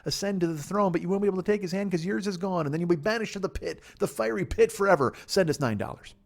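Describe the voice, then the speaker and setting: A man's voice: high-pitched, quick pace, creaky, voice pushed up. A man voicing a pompous male televangelist who preaches doom and pleads for money. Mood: preachy.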